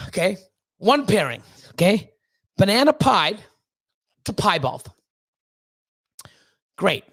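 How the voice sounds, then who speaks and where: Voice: medium pitch, big pitch swings, slow, vocal fry, a bit bright, husky. A reptile breeder hosting a livestream, talking bluntly and heatedly to the chat, swearing often and restarting sentences. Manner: emphatic repeated pleading. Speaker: reptile breeder and channel host. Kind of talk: casual livestream talk to chat.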